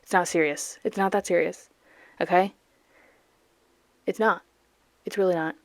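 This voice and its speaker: A woman's voice: lowish voice, fairly even intonation, measured pace, pauses often, dry recording. Young southern gal rambling goofy over her painting, dry close mic, sometimes whispers. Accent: light Southern US. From Georgia, US. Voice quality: playful, goofy, self-mocking. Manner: drops to whispers at times. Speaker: art channel host. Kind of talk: casual voiceover chat while painting.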